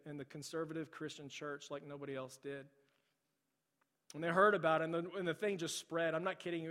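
A man preaching in a big church hall, his voice sitting a little high for a man and trailing off into long reverb. He moves from storytelling into soft, pleading repetition aimed at the congregation. He sounds like a middle-aged pastor. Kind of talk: sermon. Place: large church sanctuary.

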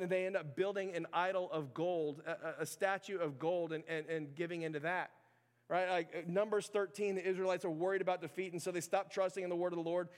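A man's voice: sits high, long reverb tail. A man preaching a sermon to his church in an easy, conversational way, full of "like" and "right". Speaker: pastor.

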